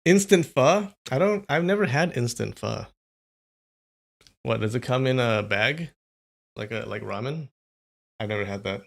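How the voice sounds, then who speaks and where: A man's voice: medium pitch, animated, a little slow, gravelly, long pauses. A young man chatting casually on a live stream, rambling and answering viewers' comments.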